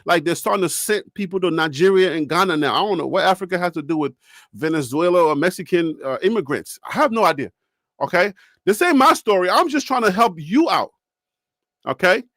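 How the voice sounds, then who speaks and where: Very high-voiced man rambling on sports. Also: lively intonation, brisk, a bit bright, dry recording, clean studio sound. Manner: rambling, joking, asks the audience rhetorical questions. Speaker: sports talk show host. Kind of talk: casual sports talk commentary.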